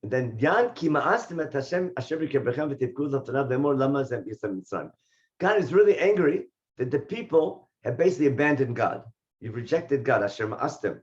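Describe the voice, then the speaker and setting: A man teaching a Torah class, reading Hebrew verses and explaining them in English, and getting lively when he voices the figures in the text. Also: medium pitch, a little fast, dull audio. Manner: animated when voicing the speakers in the text. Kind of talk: text study lesson.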